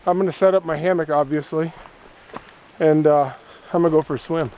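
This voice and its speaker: Filming his solo trip, a hiker chats casually and playfully outdoors beside a lake, rambling into a handheld camera. He speaks fairly quickly in a fairly high, steady voice with a darkish tone, and a little hiss or hum sits under the audio.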